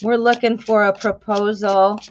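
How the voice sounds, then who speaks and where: Woman in her fifties, live tarot reader, chatty and excitable, slightly muffled stream audio. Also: mid-range voice, unhurried, a little hiss or hum. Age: 50s. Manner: chatty, excitable, exclaims often.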